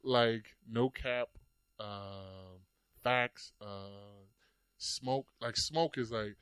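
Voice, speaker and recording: A man's voice: lowish voice, very slow, a bit bright, smooth, no echo. A man in his thirties chatting casually on a podcast, telling loose stories full of swearing and "like" fillers. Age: 30s. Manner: loose, profane storytelling with many "like" fillers. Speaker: podcast host.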